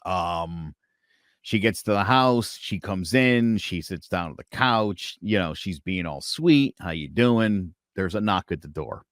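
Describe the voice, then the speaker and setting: A man with a low-pitched voice chats on a podcast, telling a personal story with lots of energy. He swings his pitch high to mimic other people and swears casually. The sound is dry and close-miked. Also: unhurried, no echo. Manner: animated storyteller acting out quotes with big pitch swings. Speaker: podcast guest.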